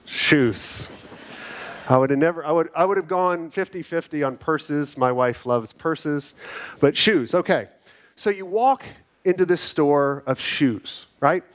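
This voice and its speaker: A middle-aged man giving an energetic, animated conference talk, telling stories and checking in with the crowd with "right?". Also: fairly high pitch, a little slow. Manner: energetic, animated storytelling with frequent "right?" tags. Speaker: conference speaker. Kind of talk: keynote talk to a live audience. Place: conference hall.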